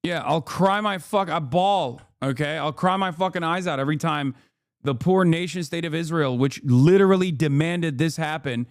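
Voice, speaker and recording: A man's voice: a little high, normal speed, no echo. A man in his thirties doing live political commentary as a streamer, sarcastic and profane, ranting on a close mic.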